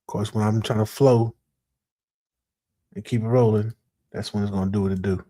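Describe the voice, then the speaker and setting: A man hosting a reaction commentary show, talking in a slangy, animated way straight to his audience. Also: fairly low pitch, moderate pace. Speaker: host.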